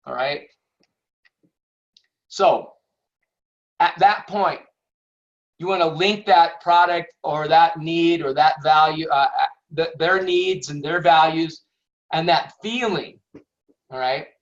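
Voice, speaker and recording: A man's voice: a little high, slow, pauses often. Man coaching over a dull call line. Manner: conversational, acts out sample questions, laughs often. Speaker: sales coach. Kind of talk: teaching on a video call. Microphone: video call. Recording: dull lo-fi video call audio.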